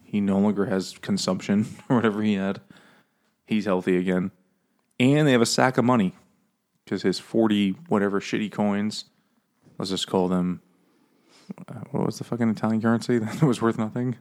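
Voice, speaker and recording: A man's voice: fairly low pitch, steady tone, normal speed, darkish tone. A man co-hosting a casual book podcast, loose and profane, laughing often and acting out characters. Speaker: podcast co-host discussing a book. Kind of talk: casual chat.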